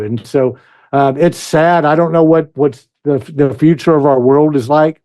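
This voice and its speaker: An American man speaks as a guest on a podcast. He talks slowly and hesitantly, with a warm, mellow tone, and the sound is close and dry. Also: a little high, steady tone, dry recording. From United States. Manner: slow, hesitant, many fillers. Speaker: guest musician. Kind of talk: casual interview chat.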